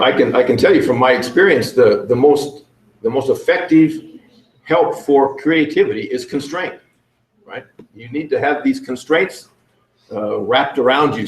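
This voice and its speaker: A man presenting at a conference, asking the audience questions and speaking haltingly with many fillers. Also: mid-range voice. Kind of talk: interactive conference talk. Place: conference room. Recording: echoey room.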